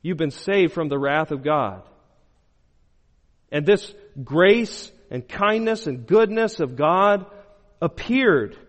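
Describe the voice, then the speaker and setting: A man preaching a sermon as pastor, moving between loud emphatic bursts and low, quiet phrases. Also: expressive, takes it slowly. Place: church sanctuary. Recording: long hall reverb.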